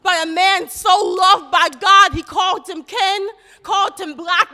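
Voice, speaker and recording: A woman's voice: extremely high pitch, steady tone, measured pace, sharp tone, big-room sound. Impassioned woman reciting spoken word poetry. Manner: rhythmic, impassioned, rhetorical questions.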